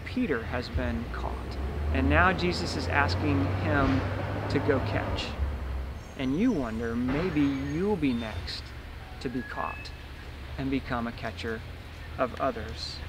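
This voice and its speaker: A man's voice: medium pitch, slow pace, noisy background. A man preaching a sermon as pastor, retelling a scene vividly and acting out the dialogue.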